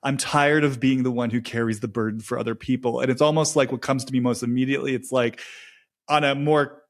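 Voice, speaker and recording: Guy thinking out loud on his podcast, slow and halting, repeats stuff while he feels his way, middle pitch. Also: steady tone. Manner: halting, searching, repeats phrases slowly. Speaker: podcast host. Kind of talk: reflective solo monologue.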